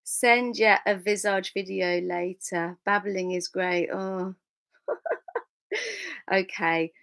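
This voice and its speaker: A woman's voice: medium pitch, steady tone, takes it slowly, gravelly, fairly bright tone. A middle-aged woman, an actress chatting candidly with fans as she reads out their comments, laughing often. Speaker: actress hosting a live fan Q&A. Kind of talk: casual chat reading viewer comments.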